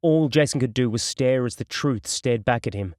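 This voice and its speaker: A man narrating a crime novel audiobook in a steady, measured storytelling voice. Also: mid-range voice, dry recording, clean studio sound.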